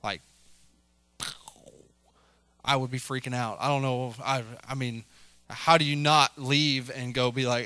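A man's voice: mid-range voice, measured pace, pauses often, pushed and bright, smooth, dry recording. A middle-aged man preaching a casual sermon, chatty, with many fillers and a habit of asking "right?". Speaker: lay preacher.

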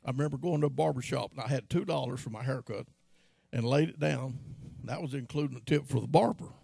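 A man's voice: fast, vocal fry, warm tone, slightly rough, no room sound, clean studio sound. A man preaching a sermon as pastor, telling stories from his life and acting out quotes. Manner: storytelling, acts out quotes in a high voice.

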